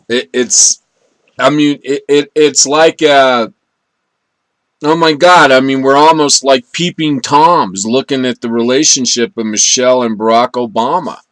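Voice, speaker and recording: A man's voice: medium pitch, fairly bright tone, no room sound. Stammering enthusiastic male host. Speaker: show host. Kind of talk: casual political commentary.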